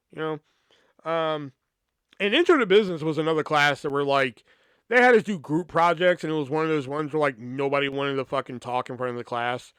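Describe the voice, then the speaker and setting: A man's voice: mid-range voice, a bit bright, smooth, no room sound, clean studio sound. A man hosting a podcast, telling a long, rambling story from his school days with lots of swearing and filler words. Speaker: podcast host. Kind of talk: casual storytelling.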